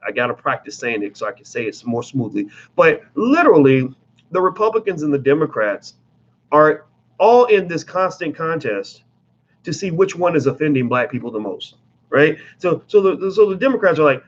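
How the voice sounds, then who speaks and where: A man's voice: a little high, very animated, brisk, dull audio. Blunt, profane man ranting on camera. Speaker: commentator. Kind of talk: casual commentary vlog.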